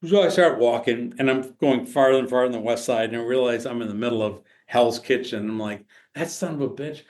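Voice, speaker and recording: A man as a podcast guest, telling stories casually, halting and restarting often, with animated retellings. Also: mid-range voice. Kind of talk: casual storytelling conversation.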